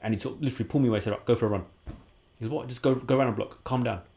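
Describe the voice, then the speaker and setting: Fast-talking man in his forties. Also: medium pitch, vocal fry, a little mellow. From London, England. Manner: casual, acts out quoted dialogue in his stories. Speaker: podcast guest. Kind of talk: candid personal storytelling.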